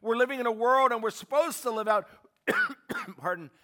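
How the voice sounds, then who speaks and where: High, bright-voiced preacher man. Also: wildly swooping pitch, normal speed. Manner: emphatic, calls out to the congregation for responses; swings between quiet asides and shouting. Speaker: pastor. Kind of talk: sermon.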